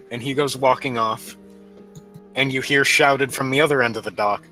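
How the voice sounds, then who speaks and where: Male game master, bright tone, light music bed, easygoing and laughing. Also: mid-range voice, fairly even intonation, moderate pace, poor audio. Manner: laughs often, playful narration. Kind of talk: narrating a tabletop game.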